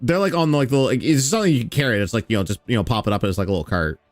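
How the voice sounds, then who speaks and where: A man's voice: medium pitch, very fast, dry recording, faint music behind. A man streaming a reaction, casually commenting with sarcasm, swearing, and laughter. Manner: sarcastic, swearing, laughing, mocking with mimicked quotes.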